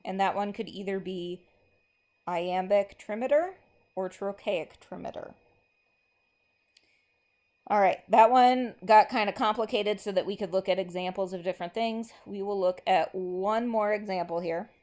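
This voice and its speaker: A woman teacher giving a relaxed recorded lesson, thinking aloud with lots of ums and stretching out lines of verse slowly. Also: medium pitch. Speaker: English teacher.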